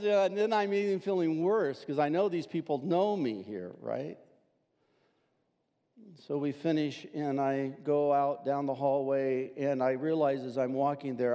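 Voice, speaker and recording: A man's voice: on the high side, big-room sound. Older male pastor telling a sermon story. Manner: animated storyteller, acting out quoted voices.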